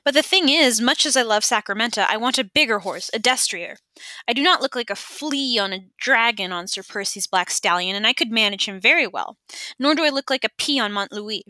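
A woman's voice: on the high side, lively intonation, fairly quick, pushed and bright, dry recording. A woman voicing a proud, sulky boy who complains insistently. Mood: complaining.

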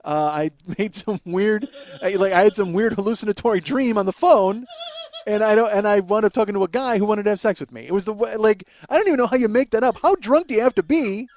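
A man's voice: high-pitched, fast. A man hosting a show as a comedian, telling a flustered, swear-laden comic story in a casual monologue. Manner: animated, swears freely, flustered retelling. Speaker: comedian host.

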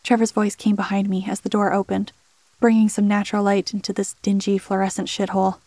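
A woman narrating a first-person horror story in a measured, scripted delivery. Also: mid-range voice, monotone, warm tone, no echo.

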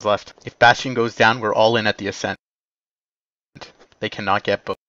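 A man commanding players in an online game, giving brisk radio-style orders over a dull lo-fi voice chat. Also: on the low side, flat delivery, sharp tone, no room sound. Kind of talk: game voice comms.

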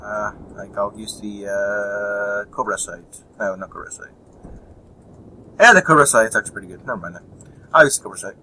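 A man's voice: lowish voice, a little fast, pauses often, pushed and bright, slight background noise, low-quality recording. Young man rambling over gunfire. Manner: rambling, swears, chuckles at enemies. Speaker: gameplay commentator. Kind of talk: live gameplay commentary. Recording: faint gunfire and vehicles behind. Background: game gunfire and explosions.

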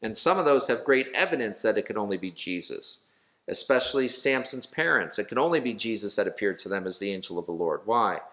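A man's voice: lowish voice, animated, fairly quick, a bit bright. Pastor man teaching a casual Bible study. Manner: conversational, with fillers and self-corrections.

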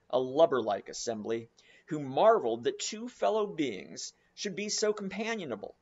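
Male audiobook narrator, dramatic and animated, lively pitch, muffled lo-fi recording. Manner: expressive, dramatic reading with slowed, savoured phrasing.

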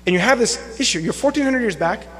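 A young man giving a lively sermon as an imam, telling stories and acting out quotes with humor. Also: very high-pitched, fast. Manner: animated storytelling with acted-out quotes and humor. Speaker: imam and lecturer. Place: mosque hall. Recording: long hall reverb.

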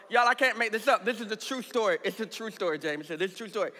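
A man pastor telling a candid, comic story in a sermon, animated and laughing along. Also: sits high, quick pace, few pauses. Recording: reverberant hall sound.

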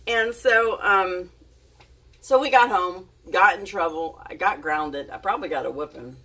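A woman's voice: on the low side, a little slow, pushed and bright, far from the mic. A woman telling a casual story to her camera, chatty and giggly, with plenty of fillers and restarts. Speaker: vlogger.

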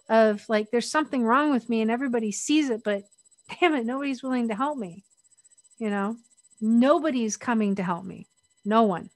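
A woman's voice: a little high, dry recording. A middle-aged woman speaking as an interview guest, candid and reflective, often restarting her sentences.

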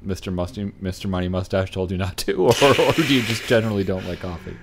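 A man co-hosting a podcast in a casual, animated way, laughing often and throwing in jokey asides. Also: deep voice, fast talker, noisy background. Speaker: podcast co-host. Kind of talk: casual chat.

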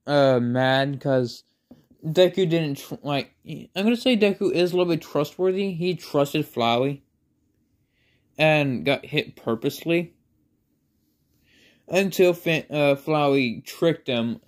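A man's voice: fairly high pitch, animated, takes it slowly. A man casually telling a made-up fan story, rambling with lots of filler words and self-conscious asides.

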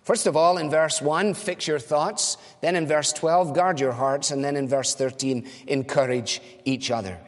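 A man's voice: a little high, steady tone, a little slow, hardly any pauses, in a large hall. A man preaching a sermon as a pastor, earnest and direct, asking and answering rhetorical questions.

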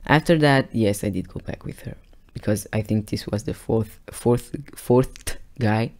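Halting low-voiced young man. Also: creaky, darkish tone. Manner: halting and emotional, often dropping to a whisper. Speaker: vlogger. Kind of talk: confessional storytime monologue.

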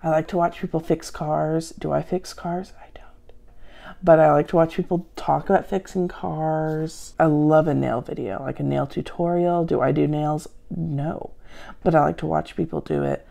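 Gravelly low-voiced woman, dry and sarcastic. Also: expressive, moderate pace, mellow. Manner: dry, sarcastic, self-mocking. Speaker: show host answering viewer questions. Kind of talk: deadpan comedic Q&A. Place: at home.

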